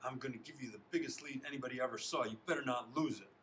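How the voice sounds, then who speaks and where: A man reading aloud, voicing an angry, bossy fourth-grade boy who yells and sneers at a teammate. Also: medium pitch, quick pace, a little hiss or hum, close to an everyday voice. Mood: threatening. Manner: loud, sneering, yelling.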